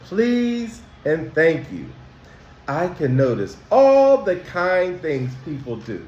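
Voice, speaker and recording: A man, a school counselor, teaching children about manners in a slow, emphatic way, asking them questions directly. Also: fairly high pitch, huge pitch swings, darkish tone, reverberant, lo-fi sound, slight background noise.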